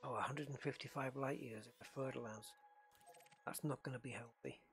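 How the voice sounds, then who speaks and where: A man's voice: medium pitch, fairly even intonation, brisk, creaky, faint music behind. A man chatting casually while streaming a space game, greeting viewers by name and thinking aloud. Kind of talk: casual live-stream chat.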